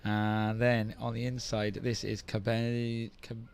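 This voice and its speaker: A man's voice: on the low side, completely flat delivery, slow, a little hiss or hum. A man doing live commentary on a surf contest, chatty and teasing, with self-deprecating banter between the heats.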